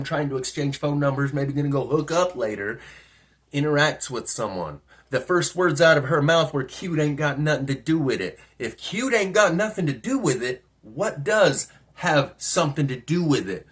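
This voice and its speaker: A man's voice: fairly high pitch, expressive, normal speed, a bit bright. A man telling a personal story in a rambling, musing monologue, often asking himself questions. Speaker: vlogger.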